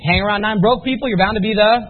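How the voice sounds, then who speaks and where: Male seminar speaker, fast and pushy, quizzing the crowd; tinny lo-fi capture. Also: sits high. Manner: energetic, rhetorical, quizzes the audience. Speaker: motivational business speaker. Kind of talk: live sales seminar pep talk.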